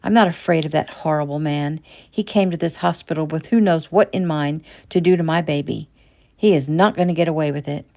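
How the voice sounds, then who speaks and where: A woman's voice: low-pitched, fairly quick, gravelly, darkish tone. A woman doing a fiery, protective mother. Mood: indignant. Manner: demanding, indignant. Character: upset protective mother, middle-aged woman.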